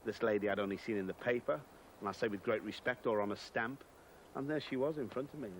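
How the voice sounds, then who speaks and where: A man's voice: lowish voice, quick pace, slight background noise. A man recalling a story with a sense of awe. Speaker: entertainer telling an anecdote. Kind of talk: anecdote.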